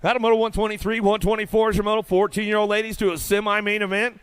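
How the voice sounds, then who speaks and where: A man announcing live BMX races in an indoor arena, rattling off riders' names in rapid play-by-play with casual, folksy banter. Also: high-pitched, flat delivery, smooth, no room sound. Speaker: race announcer. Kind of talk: live BMX race commentary.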